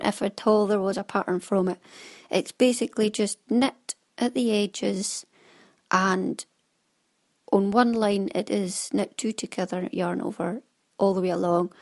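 A woman hosting a podcast, talking in a casual, rambling way and often trailing off into soft, half-whispered asides. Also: mid-range voice, steady tone, unhurried. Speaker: knitting podcast host. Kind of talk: casual chatty monologue.

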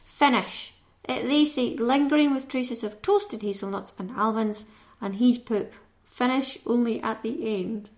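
A woman's voice: on the high side, unhurried, darkish tone. A woman reviewing a whisky, reading the label aloud in a chatty, teasing way. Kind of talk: casual review chat.

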